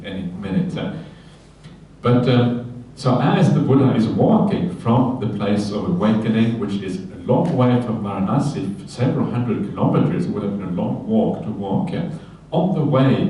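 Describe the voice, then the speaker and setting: A man, a Buddhist monk, giving a conversational Dharma talk at a retreat, with many fillers and "yeah?" tags, breaking into lively quoted voices. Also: on the low side. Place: retreat hall. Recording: very echoey hall, voice from far off.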